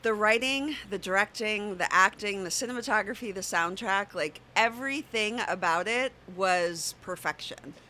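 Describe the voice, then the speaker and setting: A woman's voice: medium pitch, moderate pace, few pauses, sharp tone. A woman guest on a podcast, chatting casually and effusively. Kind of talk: casual chat.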